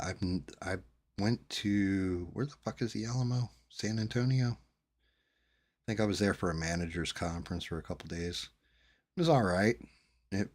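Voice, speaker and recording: A man's voice: sits low, husky. A middle-aged man from New Jersey, chatting casually with viewers and telling rambling, profane stories. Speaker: streamer host chatting with viewers. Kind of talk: casual chat.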